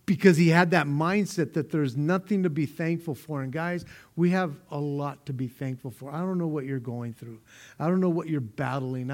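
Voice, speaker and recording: A male pastor with a slightly higher-than-usual voice delivers a conversational sermon. He talks earnestly and directly to his listeners. He often doubles back on words as he builds toward his point. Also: darkish tone.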